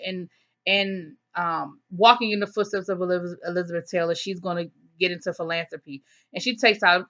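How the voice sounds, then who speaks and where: A woman casually recapping a TV episode, telling it as an animated story and acting out the characters' lines. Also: on the low side. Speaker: TV episode reviewer. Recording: dull lo-fi sound.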